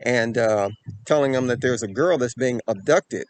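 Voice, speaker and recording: A man hosting a self-defense channel, telling a personal story in an earnest way and growing animated, often checking in with "okay" and "right". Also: medium pitch, normal speed, slight background noise. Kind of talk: storytelling to camera.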